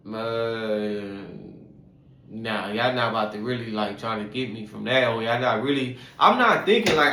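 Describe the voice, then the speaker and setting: Man in his 30s; loose, rambling storyteller with constant fillers and slang; mid-pitched voice in an echoey room. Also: pushed and bright, slight background noise. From Houston, Texas. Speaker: vlogger telling his life story. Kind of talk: casual storytelling.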